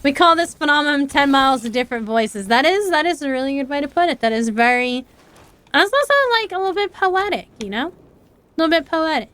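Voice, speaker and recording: A woman's voice: high-pitched, quick pace, fairly bright tone. A young woman with an Appalachian accent, chatting casually and rambling while streaming a game, laughing often. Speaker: VTuber streamer.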